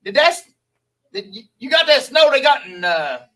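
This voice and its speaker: A man's voice: very high voice, very animated, normal speed, pushed and bright, recorded from a distance, poor audio. A man from Louisiana with a Southern accent, chatting folksily with viewers on a live stream, rambling and laughing easily.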